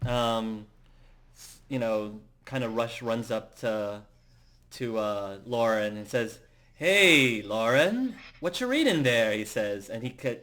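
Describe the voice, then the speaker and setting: A man narrating a tabletop game as game master, in a halting way with many fillers and restarts. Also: on the low side.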